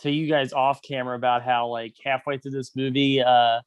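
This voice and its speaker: A man's voice: mid-range voice, flat delivery, fairly quick, smooth, no room sound, dull audio. A man co-hosting a casual film review podcast, rambling with joking asides. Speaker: podcast co-host.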